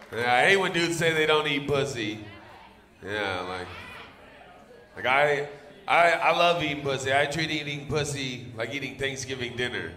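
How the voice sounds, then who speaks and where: A man doing crude live stand-up, joking with the crowd and bursting into loud teasing. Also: medium pitch, moderate pace, pauses often. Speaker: stand-up comedian. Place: comedy club stage. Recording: echoey live club room.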